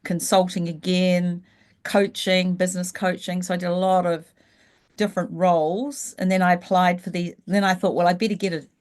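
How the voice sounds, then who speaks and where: A woman's voice: fairly low pitch, little pitch movement, darkish tone. A middle-aged woman, telling her story frankly and reflectively as an interview guest. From New Zealand. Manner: frank and reflective, slows down when thinking back. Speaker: guest, leadership coach. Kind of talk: candid storytelling in a casual interview.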